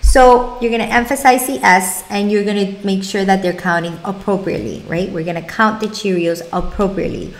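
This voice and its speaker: A young adult woman, a speech-language pathologist, talking parents through exercises in an upbeat way and stretching out words slowly to demonstrate. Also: mid-range voice, steady tone. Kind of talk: instructional talk to parents.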